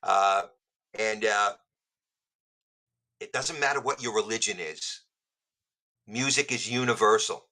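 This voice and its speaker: Musician guy on a podcast, bright voice, loose joking stories. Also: lowish voice, slow, pauses often, rough recording. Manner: joking storyteller. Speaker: podcast guest. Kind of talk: casual podcast chat.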